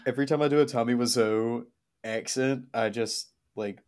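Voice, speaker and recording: A man co-hosting a podcast in casual chat, with quick sarcastic quips. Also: mid-range voice, steady tone, darkish tone. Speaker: podcast co-host.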